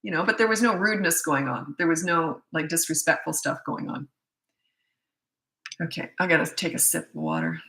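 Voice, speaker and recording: A woman's voice: deep voice, moderate pace, pushed and bright, reverberant. Blunt, chatty woman parenting coach. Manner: blunt, chatty, tells personal stories. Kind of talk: casual advice talk.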